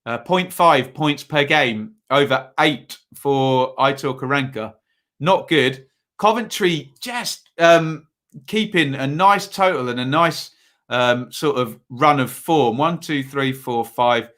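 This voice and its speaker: Bright-voiced man chatting football. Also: mid-range voice, slow. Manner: chatty, reads viewer comments aloud, many fillers. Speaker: football preview host. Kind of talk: casual livestream chat.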